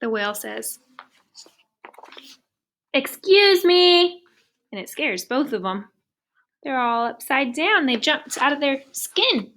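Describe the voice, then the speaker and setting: A woman's voice: fairly high pitch, lively intonation, measured pace, bright, forceful tone. A woman teacher reading a picture book aloud to young students, patient and asking many questions.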